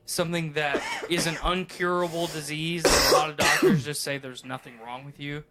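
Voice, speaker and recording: A man's voice: a little high, fairly even intonation, normal speed, heavy background noise. A man co-hosting a podcast in casual chat, rambling through stories with heavy swearing. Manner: profane, rambling storytelling. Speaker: podcast co-host.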